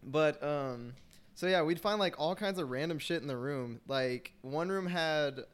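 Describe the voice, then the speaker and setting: A man's voice: fairly high pitch, a little slow, clean tone. Young man telling a rambling story. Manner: rambling, filler-heavy storytelling. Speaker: storyteller in group chat. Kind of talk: casual chat.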